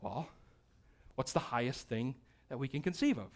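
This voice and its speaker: A man teaching a Bible study class, energetic and often checking in with his listeners. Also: medium pitch, moderate pace.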